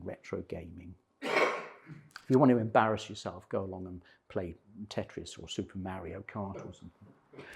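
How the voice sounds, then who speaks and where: Retired man in his sixties, slightly husky, spins wry personal stories for a friendly crowd. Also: on the low side, a little mellow. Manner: self-deprecating, humorous anecdotes. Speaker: speaker at a men's breakfast.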